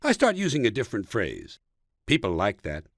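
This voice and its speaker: A man from the United States reads his own comic book in a studio. His delivery is sardonic and mocking, and he jabs home each punchline. His pitch swings widely from line to line, and the recording is close and dry. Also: huge pitch swings, moderate pace, no echo. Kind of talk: comic audiobook reading.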